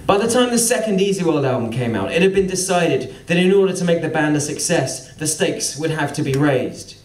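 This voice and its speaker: A man tells a dry, sardonic story on stage, his voice sitting a little high. The sound is roomy and echoing, with the mic set some way off. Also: expressive, fairly quick. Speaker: musician telling a story. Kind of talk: spoken-word storytelling. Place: live venue. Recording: roomy venue, mic at a distance.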